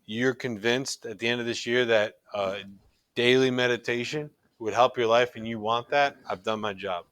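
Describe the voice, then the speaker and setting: A man's voice: mid-range voice, a bit bright, clean tone, dry recording. Earnest male religion teacher, dry sound. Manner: conversational, earnest, with frequent restarts. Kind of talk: recorded classroom lecture.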